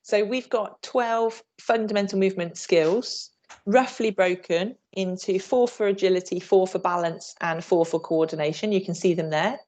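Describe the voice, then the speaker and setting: A woman's voice: medium pitch, normal speed, darkish tone. A woman from England presenting an online training session for teachers, upbeat, showing moves as she talks. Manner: upbeat, demonstrates moves while talking. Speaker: PE trainer leading a teacher workshop. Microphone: video call.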